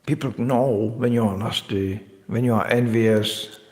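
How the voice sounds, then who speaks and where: A man giving a devotional lecture as a spiritual teacher, lively and joking, often acting out other people's voices. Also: medium pitch, a little slow, in a large hall.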